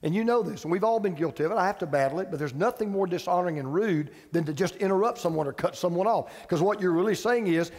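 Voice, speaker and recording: High-voiced man preaching in a hall. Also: expressive, fast talker, a little mellow. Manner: conversational preaching with emphatic repeated questions. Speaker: pastor. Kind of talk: sermon. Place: church sanctuary with audience.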